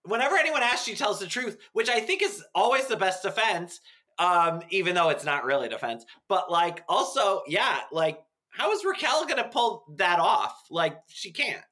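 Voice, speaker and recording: A man's voice: high-pitched, very animated, normal speed, pushed and bright. A man guest on a podcast in casual chat, talking loosely with fillers.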